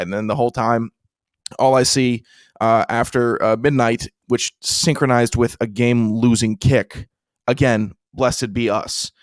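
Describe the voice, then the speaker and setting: Young male co-host, mid-pitch, dry close recording, deadpan teasing banter. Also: measured pace, dry recording. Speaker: podcast co-host. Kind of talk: casual chat.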